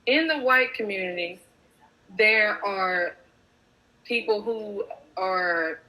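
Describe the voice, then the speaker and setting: A woman's voice: mid-range voice, slow pace, bright, forceful tone, low-quality recording. A mother speaking with impassioned emphasis in a casual group discussion.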